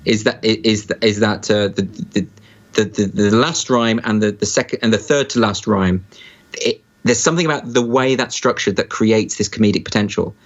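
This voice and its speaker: Halting man chatting on a lo-fi call. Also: lowish voice. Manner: halting, many restarts and fillers. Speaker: guest. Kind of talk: casual conversation. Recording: dull lo-fi sound.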